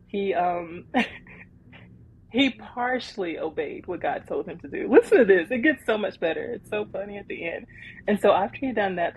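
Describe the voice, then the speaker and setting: A woman co-hosting a podcast, retelling a Bible story in casual chat with animated, laughing energy. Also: on the low side, slightly rough, low-quality recording. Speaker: podcast co-host.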